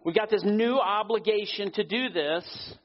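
Male pastor, sermon, earnest, slightly high voice, long hall reverb, dull audio. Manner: earnest preaching, with pauses and slowed emphasis.

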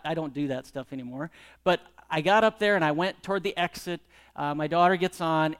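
High-voiced man preaching a sermon. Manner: storytelling, then pointed rhetorical questions. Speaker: pastor.

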